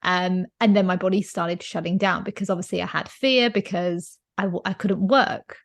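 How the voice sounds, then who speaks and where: A woman's voice: on the low side, fairly even intonation, moderate pace. A woman hosting a podcast who tells personal stories in a casual, chatty way, full of fillers and restarts. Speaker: podcast host. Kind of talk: casual conversational storytelling.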